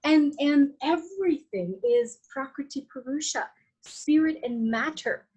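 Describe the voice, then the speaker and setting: A woman's voice: high-pitched, measured pace, darkish tone, poor audio. A woman with a Latin American Spanish accent, a guest on a podcast interview, talking in a flowing, reflective way with many restarts and fillers. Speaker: guest, Vedic astrologer.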